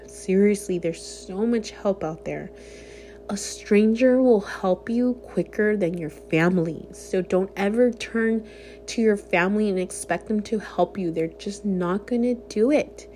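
A woman's voice: medium pitch, dark tone, slight background noise. A young woman talking candidly and earnestly to her viewers in a personal vlog. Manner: earnest, heartfelt, speaks directly to viewers. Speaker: vlogger.

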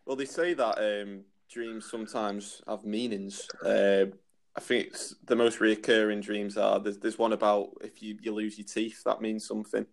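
A man's voice: fairly low pitch, flat delivery, moderate pace, creaky, dry recording. A man co-hosting a casual podcast chat, making dry, offhand remarks. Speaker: podcast co-host.

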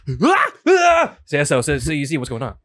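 A man's voice: fairly high pitch, huge pitch swings, a little slow, a bit bright, no room sound, studio quality. A young man co-hosting a podcast, rambling in tired, profane, playful casual chat. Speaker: podcast co-host.

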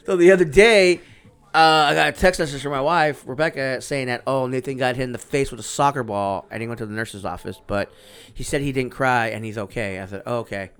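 He's a podcast host in his thirties with a smooth, mid-range voice that moves fairly quickly. Chatting casually, he spins an animated tale, cursing often and voicing the quotes.

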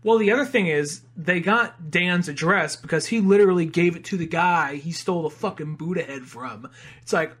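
A man's voice: a little high, normal speed, fairly bright tone, husky. A young man co-hosting a podcast, chatting casually and profanely about a movie and acting out jokey bits. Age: young adult. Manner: profane, jokey, acts out villain lines. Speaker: podcast co-host. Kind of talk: casual movie-review chat.

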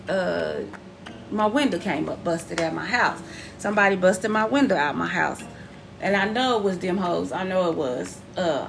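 Gravelly, profane woman telling a story. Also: medium pitch, noisy background. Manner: animated, profane, acts out quoted voices. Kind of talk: casual storytelling monologue.

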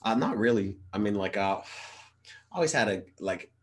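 A man's voice: lowish voice, animated, normal speed. A man, a former Marine, telling stories in a rambling, profane, filler-heavy casual chat as a guest.

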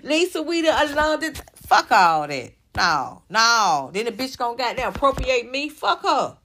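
A young woman tears into her subject in heated reaction commentary. Her voice sits fairly high, and her delivery is profane and scornful. She rants on in a mocking tone. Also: animated, a little slow, sharp tone. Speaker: commentary vlogger.

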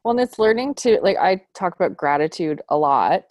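Low-voiced woman chatting earnestly. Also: lively intonation, a little fast, a little mellow, dry recording, clean studio sound. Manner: earnest, reflective, laughs often. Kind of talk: casual conversation.

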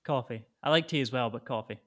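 Talking at a quick pace in a medium-pitched voice, this Scottish comic answers a podcast host's questions casually, stumbling through plenty of restarts and filler words.

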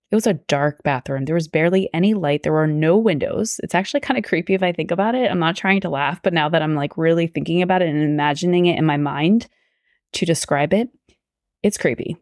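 A woman's voice: deep voice, a little mellow, dry recording, studio quality. A young adult woman hosting a personal faith podcast, telling her story earnestly and drifting into tangents as she quotes her own past thoughts. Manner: earnest, tangent-prone, quotes herself aloud. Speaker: podcast host; teacher.

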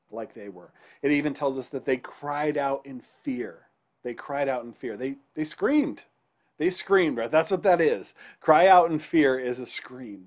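A man's voice: mid-range voice, a little mellow. Man preaching a conversational sermon. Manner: conversational preaching, frequent "right?" to the congregation. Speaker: pastor.

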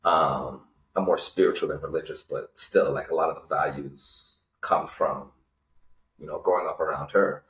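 A man's voice: very deep voice, steady tone, normal speed, a bit bright, echoey room, low-quality recording. A young man in his twenties, a guest telling a personal story in an earnest, emotional way with many fillers. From Canada. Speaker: interview guest.

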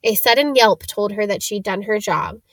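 A woman reading a novel chapter aloud in a steady storytelling manner. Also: medium pitch, normal speed, no room sound. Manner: steady storytelling, shifting into character voices. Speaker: audiobook reader.

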